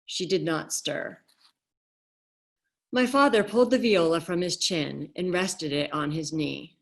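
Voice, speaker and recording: A woman author reading her novel aloud in a measured, expressive way over a video call. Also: lowish voice, creaky.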